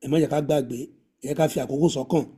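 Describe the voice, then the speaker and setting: A man's voice: a little high, steady tone, racing, dark tone, slightly rough. A man hosting an online language class over a video call, repeating points and coaching pronunciation. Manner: repetitive, coaching, drills pronunciation. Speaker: webinar host.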